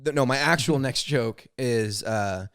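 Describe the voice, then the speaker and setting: A man's voice: medium pitch, a little slow, fairly bright tone, smooth. A young man, a stand-up comedian and podcast co-host, in casual chat, often laughing as he retells his own jokes.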